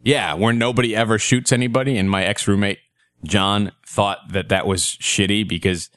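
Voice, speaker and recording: Low-voiced man telling a rambling story. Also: steady tone, moderate pace, fairly bright tone, no echo. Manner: rambling storyteller, laughs often. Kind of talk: casual chat.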